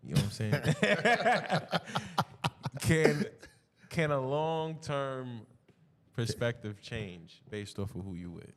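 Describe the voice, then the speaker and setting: A man's voice: mid-range voice, very animated, slow pace, pauses often, long reverb tail, a little hiss or hum. A man with a New York accent, co-hosting a podcast, posing questions to the group in a reflective, casual way. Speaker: podcast co-host. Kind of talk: casual chat.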